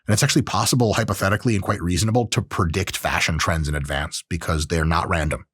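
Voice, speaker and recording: A man's voice: sits low, steady tone, fast talker, fairly bright tone, slightly rough, no room sound, studio quality. A man hosting a podcast, talking casually about technology and acting out quoted voices with profane asides. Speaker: podcast host.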